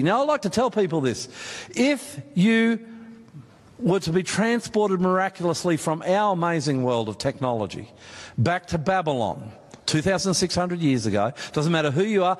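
A man with a fairly high, expressive voice and an Australian accent preaches about Bible prophecy at normal speed in a meeting hall with an audience. He is emphatic and chatty, addressing people directly, and the sound is that of a big room.

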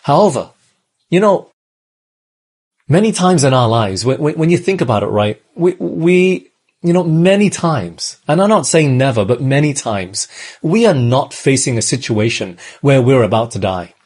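A man's voice: medium pitch, animated, normal speed, a little mellow, slightly rough. A man preaching a sermon, earnest and repetitive, often putting rhetorical questions to his listeners. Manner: earnest, repeats phrases, asks the congregation rhetorical questions.

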